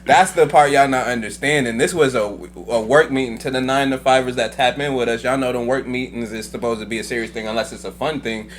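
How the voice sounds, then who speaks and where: A man of ordinary pitch tells stories in loose slang on a casual podcast. He sounds excitable, and a faint hum sits behind his voice. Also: fairly quick, few pauses. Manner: excitable, laughing, slangy storytelling. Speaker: podcast co-host. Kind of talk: casual chat.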